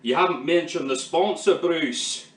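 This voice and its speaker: A posh, easily irritated business mogul , as a man impersonates him, speaking in a dry, put-upon tone. His voice sits on the low side and his delivery is slow. The sound carries from far away with a roomy echo. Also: close to an everyday voice. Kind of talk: comedy sketch impression.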